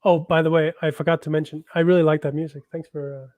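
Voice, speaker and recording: A man's voice: a little high, level tone, quick pace, dry recording, phone-quality sound. A man co-hosting a live developer stream, talking loosely with many restarts. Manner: loose, rambling, lots of restarts. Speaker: co-host. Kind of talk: casual live-stream chat.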